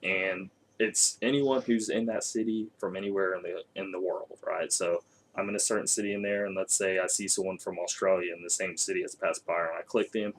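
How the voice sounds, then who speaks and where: A man talking casually about video games in an animated way, laughing often and swearing. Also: low-pitched, a little fast, slight background noise. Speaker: co-host. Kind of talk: casual gaming chat.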